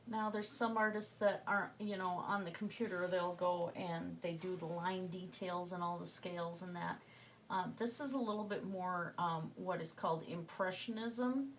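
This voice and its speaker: Gravelly woman with slight Southern twang. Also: fairly low pitch, fairly even intonation, moderate pace, a little hiss or hum. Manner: chatty, thinks aloud while working, drops to murmurs. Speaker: painting instructor. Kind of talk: casual painting tutorial.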